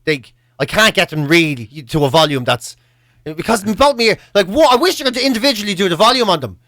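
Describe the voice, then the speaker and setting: Irish male co-host, middle-aged, high and bright, dry close mic, rambling anecdotal storyteller who swears. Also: lively intonation, a little fast, no echo. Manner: rambling storyteller, swears freely, tags lines with "right?". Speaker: radio co-host. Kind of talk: casual chat.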